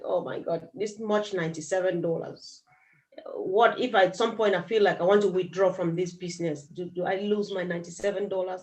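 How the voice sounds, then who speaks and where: A woman's voice: mid-range voice, low-quality recording. A woman hosting a live chat interview, chatty and affirming, giggling between thoughts. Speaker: host.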